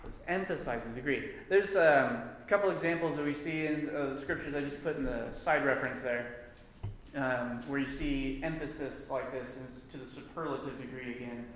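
A man's voice: medium pitch, moderate pace, fairly bright tone, slight background noise. A man teaching a church Bible class, stressing points by repeating words. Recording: echoey room with long reverb.

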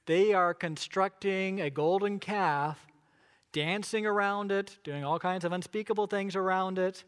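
A man's voice: sits high, steady tone, unhurried, a bit bright, smooth. A man preaching a sermon, telling the story dramatically and asking his listeners questions.

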